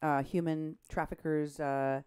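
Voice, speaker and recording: A woman co-hosting a political talk show, animated and indignant, her voice jumping up when she is outraged. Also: deep voice, a little slow, clean tone. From Mexico. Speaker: co-host.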